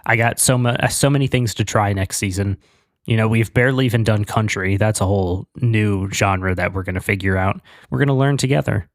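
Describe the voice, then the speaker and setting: Gravelly low-voiced man, podcast co-host. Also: fairly quick, no room sound, clean studio sound. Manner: enthusiastic, rambling with fillers. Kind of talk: casual chat.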